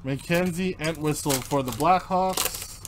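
Guy running a live card break stream, calls out names nice and slow, bit of a higher voice. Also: slight background noise. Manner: reads out player names while opening packs, chatting with viewers. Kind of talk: live card-opening commentary.

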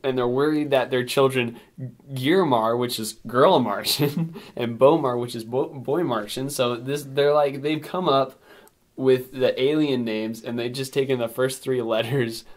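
Rambling man with a middle-pitched voice. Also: fairly even intonation, measured pace. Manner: rambling, filler-heavy, laughs often. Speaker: podcast co-host reviewing a film. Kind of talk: casual chat.

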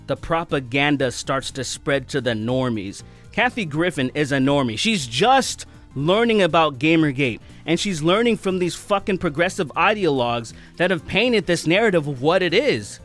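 A man's voice: a little high, expressive, moderate pace, a bit bright, soft background music. A man giving heated, sarcastic, profane commentary on online culture as a channel host. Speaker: commentary YouTuber. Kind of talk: ranting commentary.

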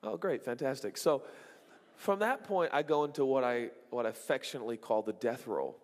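A pastor tells a story during his sermon, acting it out with lively exclamations and quick asides to the congregation. His mid-range voice carries a big-room sound.

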